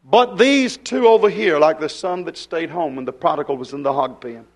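A man preaching a fiery revival sermon. He acts out dialogue in his sermon and drops to a hush at times. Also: on the high side, moderate pace.

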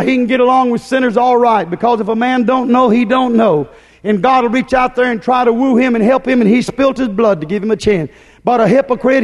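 A man preaching a fiery, folksy sermon to his congregation, often shouting and climbing in pitch. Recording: long hall reverb.

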